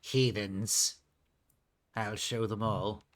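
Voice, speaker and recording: A man's voice: fairly low pitch, fairly even intonation, drawn-out words, a bit bright. A man putting on a scheming witch. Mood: gloating. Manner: melodramatic villain monologue. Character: scheming jealous witch plotting revenge.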